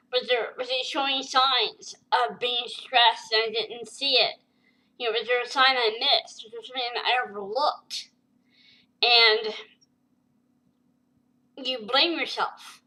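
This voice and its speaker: A woman vlogger telling a personal story to camera, halting and emotional, with many fillers and restarts. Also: a little high, sharp tone, poor audio. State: tearful at times.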